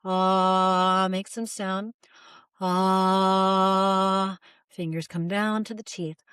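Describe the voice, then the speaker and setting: Calm woman voice coach, dry sound. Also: medium pitch, moderate pace, no echo. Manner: calm, gently guiding, models sighs and open "ah" sounds. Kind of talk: guided vocal exercise instruction.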